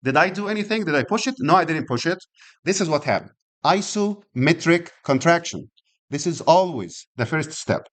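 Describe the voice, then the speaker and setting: A man's voice: on the high side, animated, fairly quick, fairly bright tone. Man lecturing with rhetorical questions. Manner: explains by rhetorical questions, repeats and restarts phrases; uses physical demonstrations while explaining. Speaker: anatomy and physiology instructor. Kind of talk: classroom lecture.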